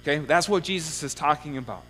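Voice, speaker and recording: A man's voice: fairly high pitch, quick pace, a bit bright. A male pastor giving a conversational sermon in a church, often checking in with the congregation with "okay?". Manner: conversational preaching with frequent "okay?" check-ins. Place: church sanctuary. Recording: long hall reverb with faint mains hum.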